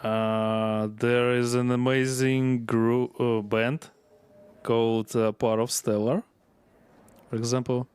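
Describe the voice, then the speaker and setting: A man's voice: medium pitch, level tone, slow pace, a little mellow, clear, resonant tone, no echo. A man streaming a video game, chatting casually and laughing often as he plays. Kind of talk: casual gameplay commentary.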